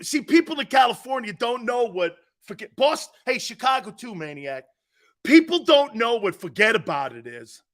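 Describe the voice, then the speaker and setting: Brash joking East Coast talk host. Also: male voice, very high voice, big pitch swings, moderate pace. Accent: East Coast American. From Northeastern United States. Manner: brash, loud, joking, swears freely. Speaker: sports talk show host. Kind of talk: casual live show banter.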